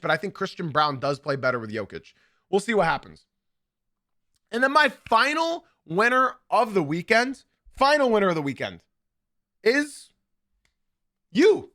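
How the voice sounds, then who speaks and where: Animated high-voiced man hosting a sports podcast. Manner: animated, emphatic, repeats lines for effect. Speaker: podcast host.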